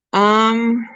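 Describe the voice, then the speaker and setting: A woman's voice: on the high side, a bit bright, dry recording, dull audio. A woman hosting a pet channel, chatting casually on a live stream and cooing to her small pets between remarks.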